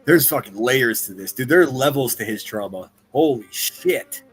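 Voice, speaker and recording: A man hosting a livestream, reacting to clips with profane mockery, jumping from loud outbursts to muttered asides. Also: medium pitch, animated, normal speed, soft background music. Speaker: livestream commentator.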